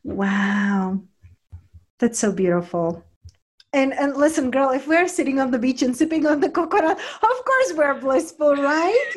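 A woman's voice: high voice, expressive. Woman hosting a heartfelt wellness chat. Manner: warm enthusiastic, slows to soothing guided relaxation. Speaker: podcast host. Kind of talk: casual interview with guided meditation. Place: home.

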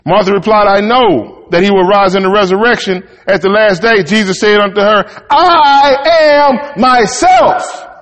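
High-voiced preacher in an echoing church. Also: male voice, fairly even intonation, a little fast, hardly any pauses, a bit bright. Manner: conversational, reads verses then riffs in folksy Southern-style talk. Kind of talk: sermon with scripture reading.

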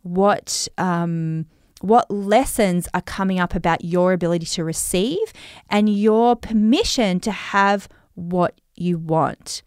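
A woman's voice: fairly low pitch, slow, darkish tone, clear, resonant tone, no echo, studio quality. A woman with an Australian accent hosting a podcast, giving encouraging coaching tips and affirmations in a casual chatty way. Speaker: podcast host.

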